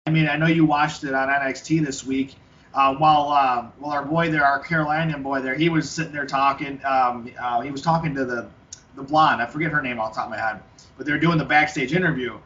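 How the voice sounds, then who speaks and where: A man's voice: medium pitch, steady tone, brisk, sharp tone. A man co-hosting a wrestling podcast, chatting casually and rambling with many restarts and fillers. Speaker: podcast co-host. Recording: lo-fi, distant from the mic.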